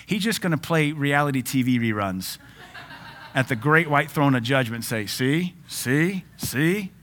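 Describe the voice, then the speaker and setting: A pastor in his forties delivering a sermon, mid-pitched and conversational. He preaches in a lively, joking way, laughing often as he makes his points. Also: moderate pace.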